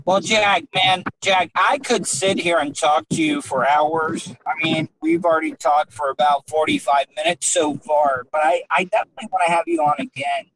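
A man's voice: on the high side, normal speed, hardly any pauses, noisy background. A man from the United States, hosting a podcast interview and stumbling through long, rambling questions. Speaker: podcast host.

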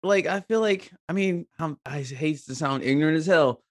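A man telling a story as a podcast co-host, animated and rambling with lots of fillers and swearing. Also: on the high side, moderate pace, dry recording, clean studio sound. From Eritrea. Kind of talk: casual storytelling chat.

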